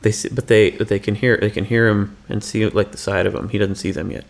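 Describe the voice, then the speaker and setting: A man's voice: fairly low pitch, flat delivery, brisk, gravelly. A man hosting a podcast, improvising a story in a rambling, playful way with sound effects. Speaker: podcast host.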